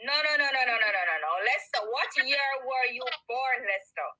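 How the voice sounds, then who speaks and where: A woman's voice: high voice, expressive, a little fast, pushed and bright. A woman co-hosting a casual panel chat, teasing the others in a playful, mock-indignant way. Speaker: talk show co-host.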